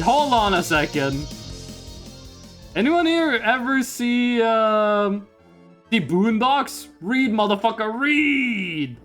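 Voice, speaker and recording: Streaming live, a man reads chat aloud and chats casually with viewers, hyped and swearing. He pitches his voice higher for the stream, and the tone comes across fairly bright.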